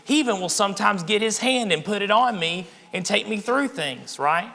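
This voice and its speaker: Man preaching, high-pitched, gravelly, bright edge, long church reverb. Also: animated, moderate pace, hardly any pauses. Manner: conversational preaching, often asking the congregation "right?". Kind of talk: sermon. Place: church sanctuary.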